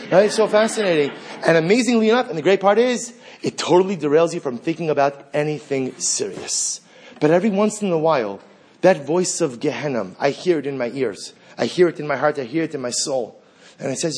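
A man with a high-pitched, breathy voice teaching a Torah class. He asks his listeners rhetorical questions and repeats phrases for emphasis. He weaves Hebrew and Aramaic terms into his English. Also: expressive, moderate pace.

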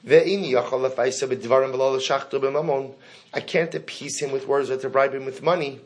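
A man's voice: medium pitch, fairly even intonation, moderate pace. A man teaching a Talmud class to students. He reads each passage aloud, then translates and explains it, and stops to put questions to the room. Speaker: Torah teacher.

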